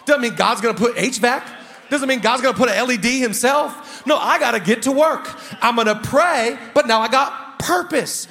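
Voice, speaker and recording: A middle-aged man from the United States preaching a sermon as pastor, energetic, with quick asides to the congregation. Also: very high-pitched. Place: church auditorium. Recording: long reverb of a large hall.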